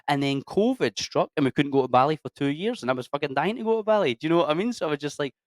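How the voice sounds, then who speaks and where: A man's voice: fairly high pitch, very fast, dry recording, studio quality. A Scottish man chatting casually as an interview guest, swearing freely and putting on voices as he tells stories. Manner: sweary, animated storyteller, puts on voices for locals.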